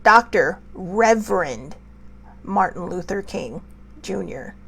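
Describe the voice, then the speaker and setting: A woman host pours out tearful anger in slow, deliberate commentary, her voice carrying a gravelly fry. She sinks to near-whispers at moments and then rises into forceful outbursts. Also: on the low side, animated. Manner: impassioned, pausing, swinging between soft whispers and raised outbursts. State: tearful, angry. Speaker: show host. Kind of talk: emotional personal commentary.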